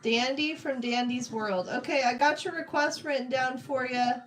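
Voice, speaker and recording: A woman's voice: high voice, normal speed, a bit bright, a little hiss or hum. A young woman chatting casually with her live-stream chat while she draws, greeting viewers and reading their comments. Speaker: streamer drawing requests.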